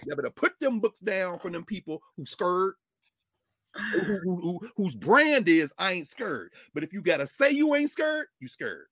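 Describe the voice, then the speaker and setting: A middle-aged man lecturing as a professor and show host, preacherly, with vernacular speech and big swings between loud and low. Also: big pitch swings, normal speed, no room sound, studio quality. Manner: uses African American vernacular. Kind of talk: lively lecture to an audience.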